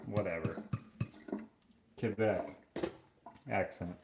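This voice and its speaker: A vlogger with a Canadian accent muses aloud while washing dishes at home, drifting between thoughts with plenty of fillers in a casual, rambling chat. His voice is lowish and a little slow, with long pauses and background noise.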